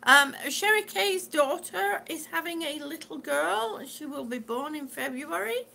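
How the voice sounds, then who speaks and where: Woman live-streamer: high, bright, unhurried, affectionate chatter, with faint room noise behind her. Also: expressive, vocal fry. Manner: chatty and affectionate, calls viewers sweetie. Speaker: vlogger reading live chat. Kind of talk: casual live-stream chat.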